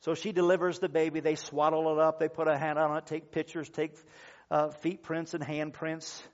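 Earnest male pastor, slightly high voice. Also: flat delivery. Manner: earnest, measured storytelling with drawn-out pauses. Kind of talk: sermon. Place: church service. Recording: dull lo-fi sermon recording.

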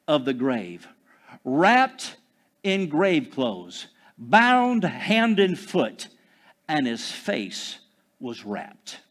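A man preaching a sermon, swinging between loud proclamations and hushed, drawn-out phrases, calling out to the congregation for responses. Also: medium pitch. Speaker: pastor.

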